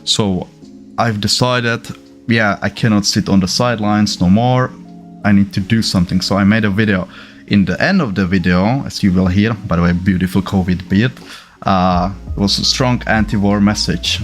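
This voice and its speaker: A man from the Czech Republic hosting a casual livestream, chatty and halting, often stopping to correct himself. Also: on the low side, faint music behind. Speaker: livestream host.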